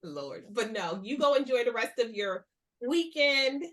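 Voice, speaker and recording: A woman in her thirties hosting a podcast, chatting casually with a friend in a playful, expressive way with plenty of laughs. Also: fairly high pitch, unhurried. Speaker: podcast host. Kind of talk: casual chat between friends.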